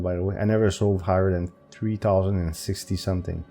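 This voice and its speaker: A man who makes chess content works through puzzles for his channel, thinking aloud hesitantly with restarts and sudden pitch jumps. He speaks briskly with hardly any pauses, in a slightly mellow voice, as soft music plays.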